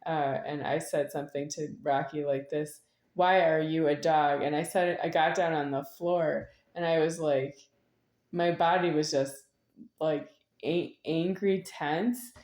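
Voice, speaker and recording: A woman's voice: deep voice, steady tone, unhurried, a little mellow. A middle-aged woman talking in a meandering, repetitive monologue. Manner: meandering, repetitive, with sudden laughs. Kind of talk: rambling spoken monologue. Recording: echoey room.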